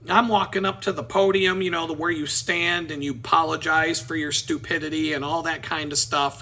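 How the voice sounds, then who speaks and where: A man vlogging, telling a story in a casual, profane, animated way. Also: fairly high pitch, gravelly, husky. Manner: profane, animated, laughing at his own story.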